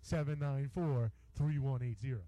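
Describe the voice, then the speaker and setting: Brief: American male co-host, warm mellow tone, halting hockey talk with lots of restarts. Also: medium pitch, no room sound, low-quality recording. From United States. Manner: hesitant, repeats words, ribs his partner. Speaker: sports radio co-host. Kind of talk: casual bantering sports talk. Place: radio studio.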